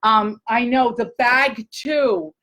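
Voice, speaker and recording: Gushing excitable woman host. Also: a little high, takes it slowly, low-quality recording. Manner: gushing, excitable, talks to viewers. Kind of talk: casual live chat.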